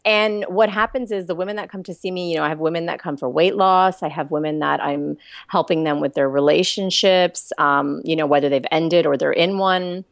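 A woman's voice: low voice, brisk, creaky, no echo. Chatty Canadian woman, dry close sound. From Toronto, Canada. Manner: chatty and warm, laughs often, many fillers. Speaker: guest, life coach. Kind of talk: casual interview chat.

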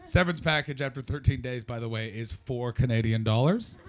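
A man doing stand-up comedy, telling a story to a live audience in an animated way, getting loud when acting out scenes. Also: medium pitch, a little fast.

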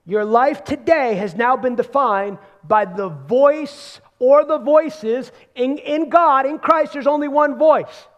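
A man preaching a sermon, emphatic, repeating words for stress and swinging between loud bursts and hushed asides. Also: extremely high pitch, slow pace, hardly any pauses, lo-fi sound.

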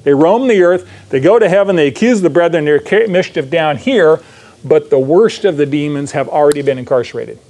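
A man preaching a sermon with a slightly raised pitch. He teaches verse by verse, leans on emphatic repetition and keeps asking his listeners "right?". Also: lively intonation, a little fast, darkish tone. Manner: emphatic, repeats phrases, asks the audience "right?".

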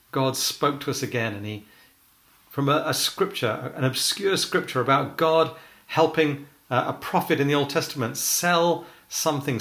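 A middle-aged man preaches a personal testimony in an earnest, measured way. His voice sits at an ordinary pitch, and he slows down to press home key phrases. The recording has a roomy echo. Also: a bit bright. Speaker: church leader. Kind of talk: testimony sermon.

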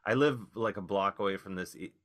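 A man, a comedian guest, telling rambling, wry stories in casual podcast chat with animated outbursts. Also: on the low side, a little fast.

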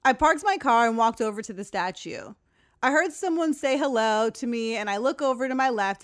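Candid, profane storytelling woman. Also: a little high. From Long Island, New York. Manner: candid, profane, animated retelling with quoted voices. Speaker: podcast host. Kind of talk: casual storytelling monologue.

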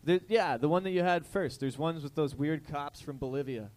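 A male comedian with a somewhat high voice rambles through crude jokes and throws questions out to the audience. The sound is dry and close, with no room in it. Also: normal speed, a little mellow, no echo. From Ireland. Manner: crude, rambling, jokey, asks the crowd questions. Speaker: comedy show host. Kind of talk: stand-up comedy banter with a live audience.

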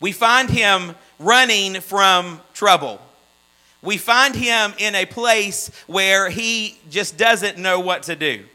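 A man preaching a sermon in a high, bright voice. He swings between loud, fervent runs and hushed, low asides. A faint electrical hum sits under the recording. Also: takes it slowly, poor audio.

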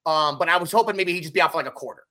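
A man co-hosting a casual sports podcast, talking fast and emphatic as he runs through game stats. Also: fairly high pitch, bright, forceful tone. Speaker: podcast co-host.

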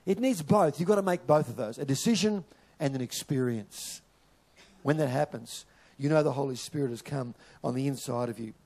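A man delivers a sermon to a church audience, his voice sitting a little above the usual male pitch. He talks in an animated way, repeating words as he goes and drawing his listeners in with questions. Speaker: pastor.

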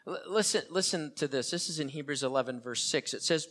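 A man's voice: fairly high pitch, a little fast, few pauses, a bit bright. An older man preaching a sermon as pastor, earnest and repeating key phrases for emphasis.

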